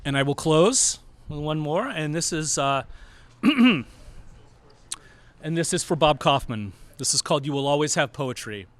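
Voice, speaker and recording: A man poet reading his poems aloud with a dramatic, rhythmic delivery and slowed emphasis. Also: fairly high pitch, animated, fairly bright tone. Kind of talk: poetry reading.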